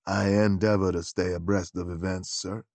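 A man reading a story, voicing a formal, deferential manservant in a low, measured tone. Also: no echo. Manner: measured, polite, low and even.

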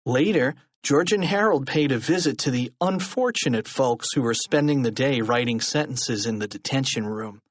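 A man narrating a children's storybook in an animated reading style. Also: medium pitch, moderate pace, hardly any pauses, no room sound. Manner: animated reading with lively character voices. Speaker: audiobook narrator. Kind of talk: scripted narration.

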